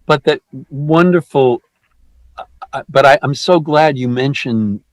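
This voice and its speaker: Slow, halting man leading a poetry group. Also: mid-range voice, no room sound, poor audio. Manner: halting, many restarts and fillers. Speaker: discussion group leader. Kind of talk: poetry discussion.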